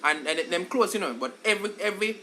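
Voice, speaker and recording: A man's voice: high voice, lively intonation, slight background noise. A Jamaican man co-hosting a podcast, talking patois and calling people "brother" and "G". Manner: fast, bright, patois, says "brother" and "G". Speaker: podcast co-host. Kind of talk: casual chat.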